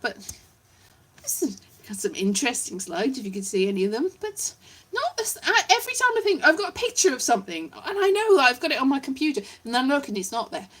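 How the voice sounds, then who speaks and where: A woman chats on a live stream, rambling and scatterbrained as she greets viewers. Her voice is high and bright, and it swings up and down a lot. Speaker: livestreamer. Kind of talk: casual live-stream chat.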